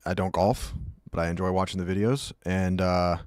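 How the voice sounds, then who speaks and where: A man's voice: deep voice, steady tone, normal speed, a little mellow, no room sound, clean studio sound. A man streaming and chatting casually, rambling through jokey asides. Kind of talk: casual chat.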